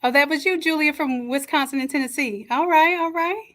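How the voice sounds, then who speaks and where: A woman hosting a live stream from a home setup, chatting and greeting each viewer warmly by name. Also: high voice, a little fast. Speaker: livestream host and design coach. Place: home setup with makeshift camera stand. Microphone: camera on a stand.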